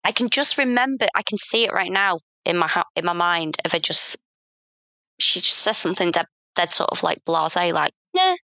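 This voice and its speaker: A woman's voice: on the low side, normal speed, sharp tone, dry recording. A woman co-hosting a casual film chat, teasing her co-host and swearing casually. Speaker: podcast co-host.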